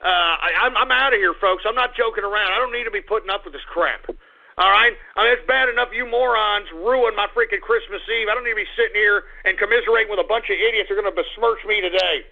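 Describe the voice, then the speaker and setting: A man hosting a radio call-in show, ranting furiously at his callers with crude insults and shouts. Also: high voice, fast talker, vocal fry. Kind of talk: angry on-air rant. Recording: tinny phone-like radio audio.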